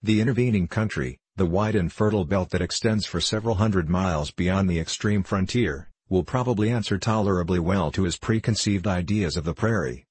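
A man with a deep voice reads an old travel memoir in a steady, measured way. His tone is a little husky. The recording is dry and close, with no room sound. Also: no room sound. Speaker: audiobook reader. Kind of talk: scripted narration of a classic travel memoir.

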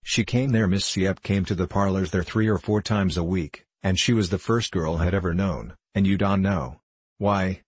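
A huge, slow-witted man from a storybook stumbles and repeats himself helplessly, as a male narrator reads him. His voice sits very low and husky. The recording is close and dry. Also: a little mellow, dry recording, exaggerated voice.

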